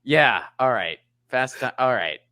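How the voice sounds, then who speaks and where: A man's voice: medium pitch, a little slow, no echo. A man guesting on a casual comedy podcast, exclaiming and poking fun at himself. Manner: animated, self-mocking, exclamatory. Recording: dry close sound.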